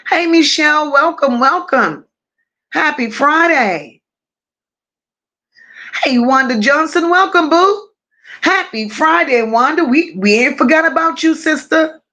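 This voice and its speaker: Slow, high-voiced New woman hosting. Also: lively intonation, sharp tone. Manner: affectionate, greets viewers one by one and reads their comments aloud. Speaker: livestream host. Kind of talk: casual livestream chat.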